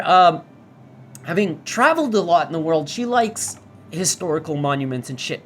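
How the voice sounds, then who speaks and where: A man's voice: sits high, a little hiss or hum. A man giving casual first-impressions commentary as a gamer on a VR demo, rambling, restarting and swearing.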